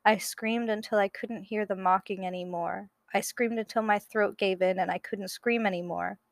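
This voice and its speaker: A young woman reading her own writing aloud, slowly, with self-deprecating nervous jokes in between. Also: medium pitch, fairly even intonation, gravelly, no room sound.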